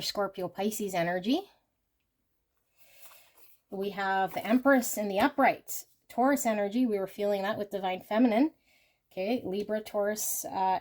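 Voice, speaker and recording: A woman doing an intuitive tarot reading for her viewers, earnest and emotional, often sinking to a hushed voice as she talks straight to them. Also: mid-range voice. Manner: talks directly to viewers as "you guys". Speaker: tarot reader.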